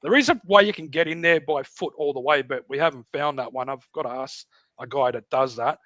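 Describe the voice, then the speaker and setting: Speaking at medium pitch and a little fast, a middle-aged Australian man guesting on a podcast recounts a story casually and with animation, performing voices and sounds. The recording is muffled and lacks room sound.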